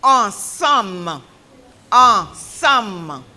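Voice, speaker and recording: A woman reading out spelling bee words, saying each word twice in a slow, deliberate way and ruling answers correct or wrong. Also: mid-range voice, big pitch swings, background noise. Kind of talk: reading contest words aloud and judging answers.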